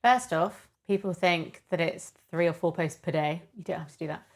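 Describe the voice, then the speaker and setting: A woman's voice: lowish voice, normal speed, dry recording. A woman guest on a podcast, speaking frankly and upbeat about marketing. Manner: frank, upbeat, informal fillers. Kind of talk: casual interview chat.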